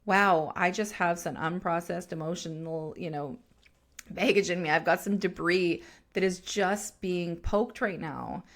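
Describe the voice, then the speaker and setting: A woman's voice: fairly low pitch, measured pace. A woman co-hosting a podcast, talking bluntly and swearing freely in a coaching tone, with laughs along the way. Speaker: podcast co-host. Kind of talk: casual podcast chat.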